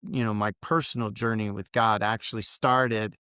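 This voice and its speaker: A man's voice: fairly low pitch, steady tone, moderate pace, bright, forceful tone, clean tone, dry recording, studio quality. A man, a veteran guest on a podcast, talking candidly and bluntly with frequent swearing.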